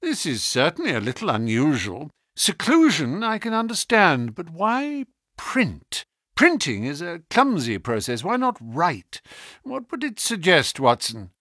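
A man voicing Sherlock Holmes, a keen and sharp-minded detective who speaks in a measured, probing and lecturing way, in an audiobook reading. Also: on the high side, wildly swooping pitch, no echo, studio quality, voice pushed up, exaggerated voice.

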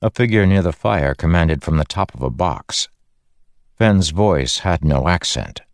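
Very deep, gravelly male narrator. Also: lively intonation, unhurried, dry recording, clean studio sound. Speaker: audiobook narrator. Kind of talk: scripted fantasy narration.

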